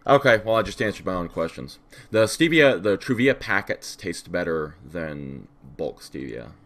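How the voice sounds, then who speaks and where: A man co-hosting a casual podcast, scattered and profane, with vocal fry. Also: low-pitched, very animated, normal speed, fairly bright tone. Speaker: podcast co-host.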